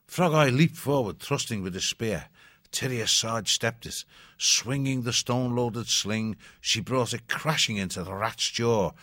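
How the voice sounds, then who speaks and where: A man reading a children's adventure novel aloud in a measured, expressive way. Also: medium pitch, no echo, clean studio sound. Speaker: narrator. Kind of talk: audiobook narration.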